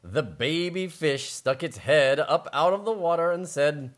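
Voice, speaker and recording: A man's voice: on the high side, measured pace. A man reading a picture book aloud on a podcast, playful and joking. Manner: playful, joking, lively storyteller. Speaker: podcast co-host reading the story.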